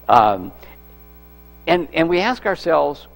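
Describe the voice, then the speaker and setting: A man's voice: mid-range voice, big pitch swings, slow, gravelly, long pauses. A man preaching a sermon as pastor, conversational, repeating words and asking the congregation questions. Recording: echoey hall with mains hum.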